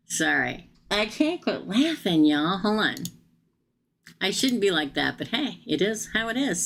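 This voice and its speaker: A woman reading tarot on a live stream, chatty and animated, laughing often. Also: medium pitch, a little slow. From United States. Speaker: tarot reader.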